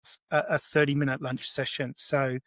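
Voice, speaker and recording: A middle-aged man, a chef as podcast guest, telling animated anecdotes with many restarts. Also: medium pitch, normal speed, dry recording. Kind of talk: podcast interview, storytelling.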